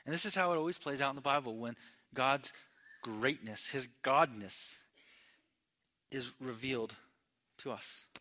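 A man from New Mexico preaching a sermon, telling a story with acted-out voices and swinging between loud and hushed delivery. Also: mid-range voice, measured pace, long pauses. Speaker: pastor.

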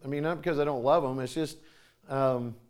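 A man in his forties from the United States, talking casually about parenting, with many restarts and clearings of his throat. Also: steady tone, a little fast. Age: 40s. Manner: conversational storytelling, acts out quoted voices with sharp pitch jumps.

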